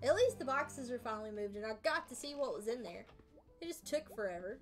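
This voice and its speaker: A woman giving casual let's-play commentary in a high voice, thinking aloud and often repeating herself. She breaks into animated exclamations now and then. Faint music runs underneath. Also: fairly quick. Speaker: gaming streamer.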